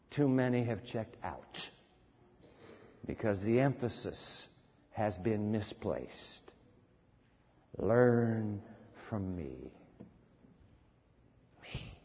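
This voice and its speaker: A man preaching a sermon in a church hall, dramatic and swinging from emphatic to hushed, questioning the congregation. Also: lowish voice, husky. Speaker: pastor. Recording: lo-fi sermon recording in a reverberant hall.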